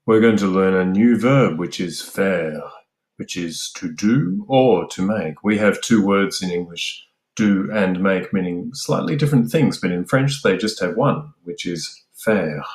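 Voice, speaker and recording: Australian male tutor, low voice, casual lesson delivery, roomy sound. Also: lively intonation, a little mellow. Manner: explains plainly, slows down for French words. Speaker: French teacher.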